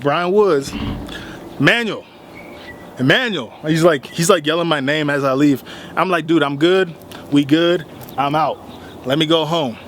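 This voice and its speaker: A young man tells a story straight to his audience in a casual vlog, talking in a slightly high voice. He gets animated as he retells the argument, and the heat builds as he goes. A faint hiss sits behind him. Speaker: vlogger.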